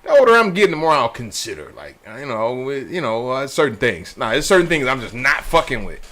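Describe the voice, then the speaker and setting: A man chatting as co-host, telling crude stories in an animated way and laughing often. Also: medium pitch, a little fast. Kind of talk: casual group chat.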